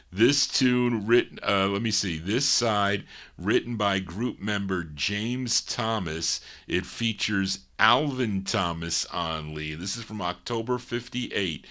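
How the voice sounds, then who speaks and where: A man's voice: lowish voice, bright, forceful tone. A man hosting a live record show, rambling and digressing casually between songs. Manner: rambling, digressive, chuckles to himself. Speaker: radio show host and record DJ.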